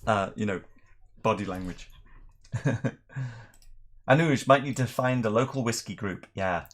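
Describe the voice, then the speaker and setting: A middle-aged man with an accent that blends Northern Ireland with England hosts a casual whisky livestream. His voice sits at an ordinary middle pitch, and he talks in an easy, chatty way with frequent laughs. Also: takes it slowly. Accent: mixed Northern Irish and English. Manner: relaxed, chatty, laughs often, reads viewer questions. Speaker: whisky channel host.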